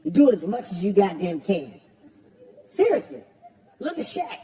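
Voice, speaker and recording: High-voiced brash comedian man roasting. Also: sing-song, normal speed. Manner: brash, profane, shouts punchlines. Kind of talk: stand-up roast. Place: stage before a live audience. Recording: roomy venue with crowd laughter.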